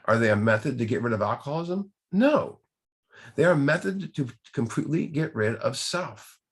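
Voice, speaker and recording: A man's voice: medium pitch, animated, moderate pace, breathy edge. A man leading a recovery group study, teaching earnestly from the text with rhetorical questions and repeated key words.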